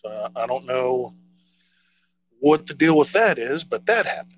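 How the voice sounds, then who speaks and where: A man's voice: medium pitch, very animated, a little slow, lo-fi sound. A man co-hosting a casual podcast chat, rambling and hesitant with many fillers and restarts. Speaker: podcast co-host.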